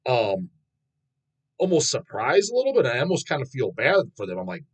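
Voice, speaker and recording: With medium pitch that swoops wildly, this man in his thirties speaks at normal speed in a slightly rough voice, profanely and bluntly answering fans on the channel he hosts. He rambles, swears constantly and laughs at himself, and the audio is poor.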